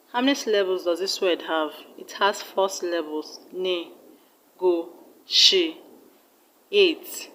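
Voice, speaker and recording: A woman's voice: medium pitch, slight background noise, rough recording. A woman with a Nigerian accent teaching an online exam-prep lesson, patiently repeating each word and sounding it out syllable by syllable. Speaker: English teacher.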